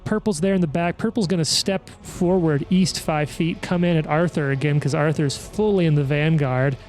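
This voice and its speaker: A man running a tabletop game as game master, calling attacks and damage in a quick, auctioneer-like play-by-play. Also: on the high side, darkish tone, faint music behind.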